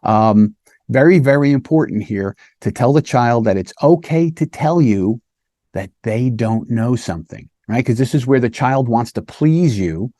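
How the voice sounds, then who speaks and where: A man's voice: medium pitch, lively intonation, a little slow, dark tone, dry recording, clean studio sound. A man who is a police lieutenant, teaching interview skills in a casual, conversational way and often checking in with "right?". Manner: conversational, keeps asking "right?" to the listener; acts out short quoted lines of officers and children. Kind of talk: casual instructional talk.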